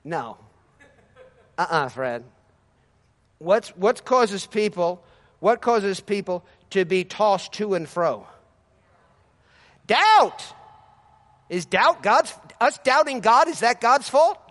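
A male pastor with a very high voice preaches fervently. His delivery swells into shouted praise, and he repeats his key lines with emphasis. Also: big pitch swings, takes it slowly. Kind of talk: sermon.

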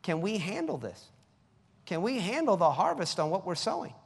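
A man preaching a lively sermon. His voice sits high and jumps widely in pitch. It rings out in a hall with a long echo. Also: vocal fry, breathy edge. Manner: animated, reads scripture slowly, mocks with high voices.

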